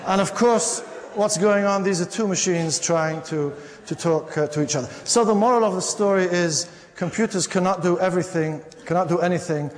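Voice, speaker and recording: A man's voice: sits high, moderate pace, hardly any pauses. A man giving a public lecture in a wry storytelling manner, repeating himself to stress points. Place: lecture hall. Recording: long reverb of a lecture hall.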